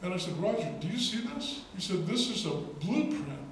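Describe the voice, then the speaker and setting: With lively intonation and a high-pitched voice, a male state legislator tells an emphatic story at a political rally at a moderate pace. He repeats words for effect, and the audio is distant and echoey, carrying faint noise.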